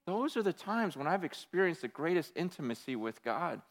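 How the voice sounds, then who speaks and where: A man preaching a sermon in an animated way, often restarting his words and swinging from hushed to loud. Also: a little high, brisk, few pauses. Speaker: pastor. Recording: long hall reverb.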